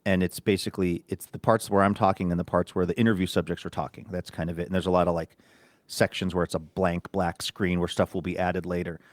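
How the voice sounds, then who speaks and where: A man co-hosting a podcast, telling stories in a casual chat and acting out quoted lines in an animated way. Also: low-pitched, fast, no room sound. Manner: animated storytelling, acts out quotes. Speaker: podcast co-host.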